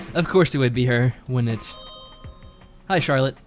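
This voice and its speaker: Laid-back male streamer reading game narration with an animated lilt; soft music underneath. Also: medium pitch, takes it slowly. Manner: laid-back, reads narration aloud with lively inflection. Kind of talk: casual game chat and reading aloud.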